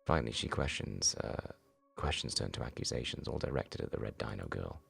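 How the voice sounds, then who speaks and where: A man streamer reading a visual novel game aloud in low, dramatic narration, with reactions in between. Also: animated, brisk, creaky, a bit bright, breathy edge, faint music behind.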